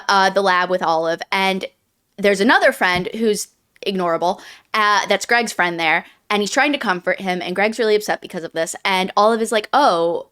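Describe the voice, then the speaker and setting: A woman's voice: medium pitch, a bit bright, smooth. A woman co-hosting a casual book review podcast, talking in a chatty, rambling way. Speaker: podcast co-host.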